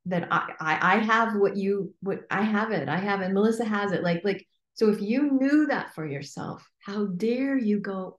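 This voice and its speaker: Woman, coach, interview guest, emphatic, animated, mid-range pitch, echoey room. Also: moderate pace, few pauses, highs cut off. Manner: emphatic, animated, playfully acts out imagined inner voices.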